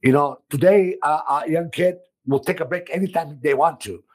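A man from Italy, a restaurant owner, talking emphatically and loudly, repeating himself in an animated interview. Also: a little high, normal speed. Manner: emphatic, repetitive, loud and expressive.

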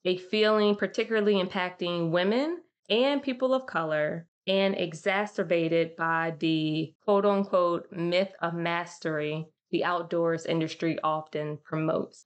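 A woman's voice: on the low side, steady tone, unhurried, few pauses. A woman hosting her own podcast, talking to listeners in a casual, slangy way. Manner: slangy, chatty, addresses listeners as y'all. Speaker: podcast host. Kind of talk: casual solo podcast monologue.

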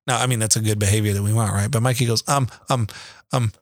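A man's voice: lowish voice, fairly even intonation, rapid-fire, dry recording, clean studio sound. A middle-aged man telling family stories on a casual podcast, rambling with frequent restarts and easy laughs. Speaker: podcast co-host, father. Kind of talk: casual storytelling chat.

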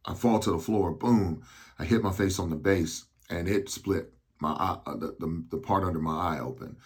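A man in his thirties with a very low, husky voice recounts a personal story on his podcast. He speaks slowly and haltingly, with many restarts, because he is on medication. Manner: slow, halting delivery with restarts. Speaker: podcast host.

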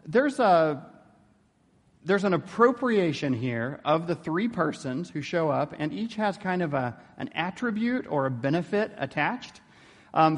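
A man giving an explanatory theology lecture, thoughtful, pausing often with "um" and checking in with "right?". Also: medium pitch. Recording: long hall reverb.

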